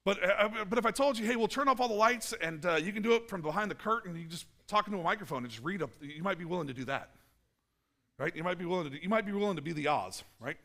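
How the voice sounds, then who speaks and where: Animated high-voiced male pastor preaching. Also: fast talker. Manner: animated, playful, acts out little scenes and quotes. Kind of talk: sermon. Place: church.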